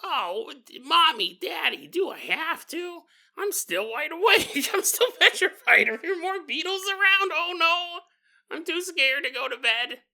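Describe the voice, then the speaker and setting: A man's voice: very high voice, lively intonation, measured pace, creaky, bright, forceful tone, pitched above the performer's own voice, heavily acted. A man putting on a frightened little boy. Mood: frightened pleading. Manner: whiny, pleading. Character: scared little boy, four years old.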